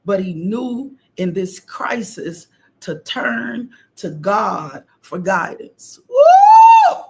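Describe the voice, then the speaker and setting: A middle-aged woman preaching a fervent morning devotional on a livestream, repeating phrases and breaking into loud exclamations. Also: mid-range voice, slow pace, gravelly, slight background noise. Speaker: host of a morning devotional stream. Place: home livestream.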